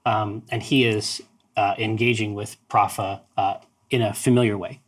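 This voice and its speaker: A man's voice: lowish voice, steady tone, moderate pace, poor audio. A man running a tabletop game as game master, describing scenes in a hesitant way with many fillers.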